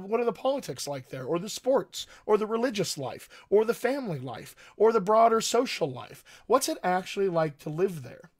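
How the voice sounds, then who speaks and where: An American man coaches actors over a livestream, talking at a desk mic. He is earnest and emphatic and keeps coming back to his key phrases. His voice sits a little high for a man. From United States. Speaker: dialect coach. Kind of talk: livestream teaching talk.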